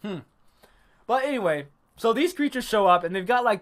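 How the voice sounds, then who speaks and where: A man casually reviewing an anime episode on a livestream, animated and profane, stopping to greet and answer chat. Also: high voice, moderate pace.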